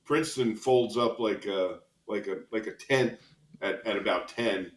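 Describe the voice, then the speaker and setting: Here a man in his sixties, once a police officer, talks at a measured pace in a lowish voice. As a podcast guest he tells vivid tales with a lively manner and frequent chuckles, and the recording echoes noticeably.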